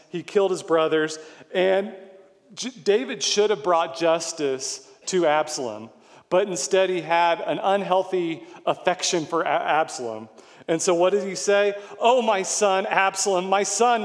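Man preaching, middle-aged, earnest and explanatory, slightly high voice, long hall reverb. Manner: earnest, explanatory preaching with emphatic repeated words. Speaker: pastor. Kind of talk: sermon.

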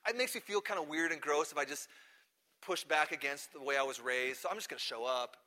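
A man preaches to his church in a casual, conversational way. His voice is bright and forceful, pitched a little high, and it rises to loud emphasis before dropping to quiet asides. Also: a little fast. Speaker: pastor. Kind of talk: sermon.

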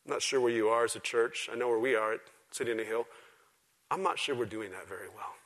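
A man preaches to his congregation at a middle pitch. His delivery is emphatic, rising to forceful exhortation and then dropping to soft, confiding asides. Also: fast talker. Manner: emphatic preaching, swinging between loud exhortation and quiet intimacy. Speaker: pastor. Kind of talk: sermon. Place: church service before a congregation.

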